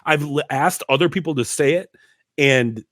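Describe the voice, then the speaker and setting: A man's voice: fairly high pitch, normal speed, fairly bright tone, no echo, studio quality. A young man with a Minnesotan accent co-hosting a casual podcast, laid-back and self-deprecating, stammering through restarts. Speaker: podcast co-host.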